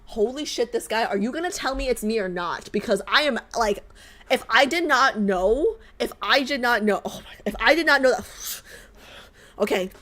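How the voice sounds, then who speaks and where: A young woman streaming a game live, chatting in an animated, exasperated, rambling way. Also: on the high side, moderate pace.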